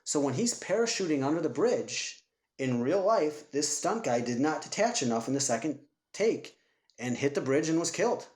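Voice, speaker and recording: A man co-hosting a casual movie podcast, retelling scenes with lively acted-out quotes. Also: on the high side, moderate pace. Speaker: podcast co-host. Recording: roomy echo.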